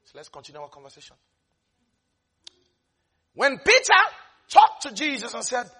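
A man preaching a sermon, animated, breaking into shouts and laughs between hushed asides. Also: high-pitched, normal speed, long pauses, breathy edge.

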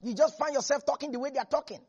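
A preacher delivering a lively sermon that swings between hushed asides and shouts. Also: high-pitched, rapid-fire, muffled recording.

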